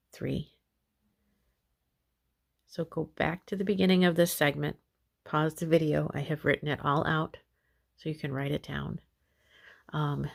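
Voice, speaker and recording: This is an unhurried crochet lesson where a woman patiently repeats each step of the pattern for her viewers. She speaks low with some gravel in her voice, easing her directions along with laid-back fillers.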